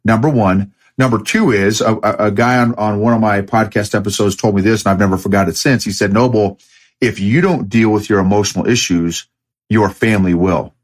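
Male guest, lowish voice, emphatic, repeats points. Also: fairly even intonation, fairly quick. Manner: emphatic, repeats key phrases. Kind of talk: casual interview.

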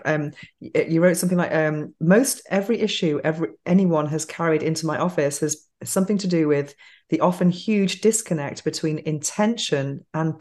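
A woman's voice: low-pitched, a little mellow. A woman hosting a podcast, reflecting thoughtfully while she shares her own thoughts with her guest. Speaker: podcast host. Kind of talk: casual interview chat.

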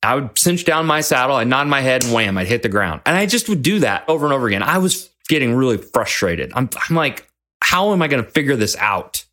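A man's voice: mid-range voice, big pitch swings, fast, few pauses, fairly bright tone. A man hosting a leadership podcast, telling a personal story in an earnest, folksy way with some restarts. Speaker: podcast host and leadership coach.

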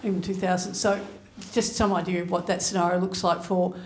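A woman from the audience asking a question, halting and full of "uh"s. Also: fairly low pitch, flat delivery, roomy sound, a little hiss or hum. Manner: halting, many "uh"s.

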